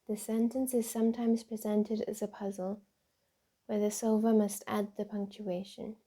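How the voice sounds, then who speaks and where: A woman doing a soft-spoken ASMR reading, carefully reading word puzzles and tongue twisters aloud, repeating the tricky lines. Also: mid-range voice, flat delivery, normal speed. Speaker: ASMR creator.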